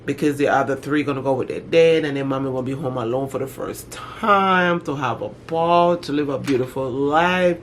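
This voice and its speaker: A middle-aged woman chatting to the camera in a loose storytime vlog. She tells her stories in an animated, slangy way full of dramatic asides. A faint hum of ambient noise sits under her voice. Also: rumbling low, moderate pace, few pauses. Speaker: vlogger. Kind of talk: casual storytime chat to camera.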